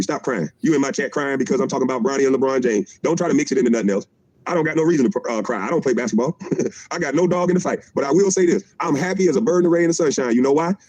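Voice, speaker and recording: Heated, high-pitched ranting man. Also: darkish tone, slightly rough, rough recording. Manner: profane, mocking, combative; repeats punchlines and laughs at his own jabs. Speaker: former pro basketball player ranting on a stream. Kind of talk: heated livestream rant.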